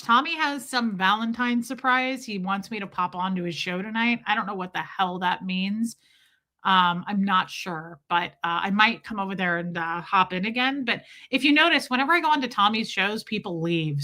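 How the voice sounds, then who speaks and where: An American woman hosting a livestream, chatting casually and emphatically with her viewers. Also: medium pitch. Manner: animated, emphatic, mock accents. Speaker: livestream host.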